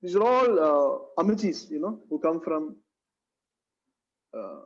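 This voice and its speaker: A man's voice: a little high, sing-song, takes it slowly. A man teaching a Bible study, earnest, repeating phrases and saying "you know" often. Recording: dull lo-fi sound.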